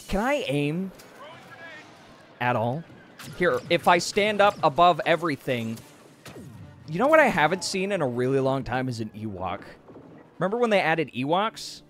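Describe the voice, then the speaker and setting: A man streaming a shooter game, excitably exclaiming and chatting with his viewers. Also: fairly high pitch, moderate pace, faint music behind. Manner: excitable, exclaiming, talks to chat. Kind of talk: casual gameplay livestream commentary.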